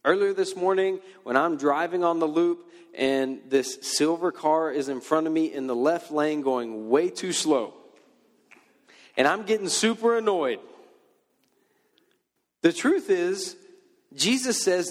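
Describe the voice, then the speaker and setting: A young adult man preaching a conversational sermon, animated and informal, often using "like" and "okay" as he talks to his audience. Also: fairly high pitch, measured pace, pauses often, big-room sound. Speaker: pastor.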